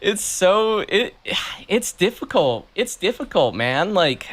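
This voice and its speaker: A man's voice: high-pitched, big pitch swings, takes it slowly, a bit bright. Giggly rambling man chatting over his game. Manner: giggly, rambling, self-interrupting. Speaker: voice actor playing his game. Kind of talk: casual let's-play chat.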